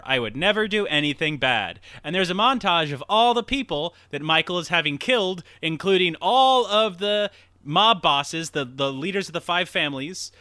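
A man's voice: on the high side, pushed and bright, no echo, studio quality. A man hosting a podcast, rambling through a casual movie recap, swearing, laughing at himself and acting out lines from the plot. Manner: rambling, profane, laughs at himself, acts out quotes. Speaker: podcast host.

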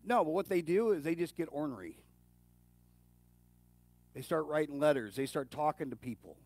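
A man's voice: a little high, expressive, moderate pace, a little mellow. A man preaching in a casual, folksy way, with fillers and restarts, speaking with his congregation rather than at them. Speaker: pastor. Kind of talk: conversational sermon.

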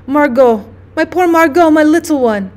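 A woman's voice: high voice, lively intonation, normal speed, darkish tone, pitched above the performer's own voice. A woman reading aloud voicing a grieving elder sister, tender and tearful.

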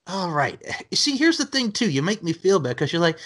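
Animated teasing man with a swooping voice. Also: sits high, brisk. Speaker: podcast host. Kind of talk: casual chat.

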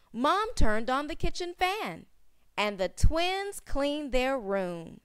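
A woman slowly reading a storybook phonics lesson aloud, repeating each word and then its sound more and more softly. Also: high voice, big pitch swings, no echo, studio quality. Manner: stretches and repeats sounds, drops to soft repeats. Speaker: phonics teacher.

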